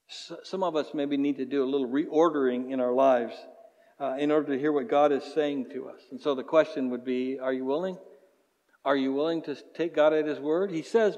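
Pastor preaching in a reverberant hall. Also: male voice, on the high side, a little fast, a little mellow. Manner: conversational, acts out everyday voices. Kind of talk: sermon and closing prayer. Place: church hall.

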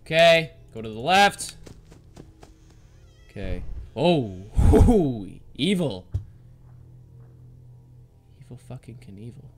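A man's voice: medium pitch, very animated, takes it slowly, long pauses, faint music behind. A man doing let's-play commentary, frantic and swearing as he barks orders at the game. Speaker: gamer.

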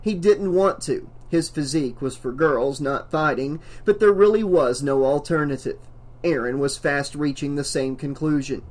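In a scripted audiobook reading, a man narrates a horror novel at a moderate pace. His voice runs fairly high with a somewhat dark tone, and he pushes the dramatic moments hard.

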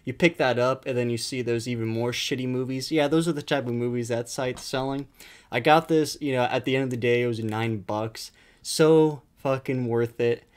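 A man's voice: medium pitch, moderate pace, clean tone. Casual swearing man reviewing a movie. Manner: animated storytelling, frequent swearing and fillers. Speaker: video host reviewing a movie. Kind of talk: casual profane movie talk.

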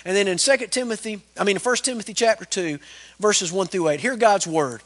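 Fervent high-voiced preacher man. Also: brisk, a bit bright. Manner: fervent preaching with call-and-response "Amen?". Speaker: pastor. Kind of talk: sermon.

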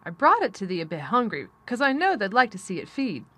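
A gentle, smiling country boy, speaking in an easygoing dialect, as a woman reads him in an audiobook. He sounds calm and kind, like someone coaxing an animal. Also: medium pitch, brisk. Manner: warm, easygoing dialect speech.

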